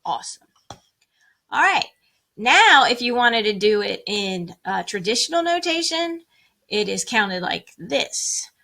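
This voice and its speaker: A woman music teacher leads an online rhythm lesson, chanting counts and inviting kids to join in. Her voice is bright and a little forceful, with a gravelly fry at the ends of phrases. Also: on the high side, big pitch swings, unhurried. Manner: upbeat, encouraging, counts and chants rhythms aloud.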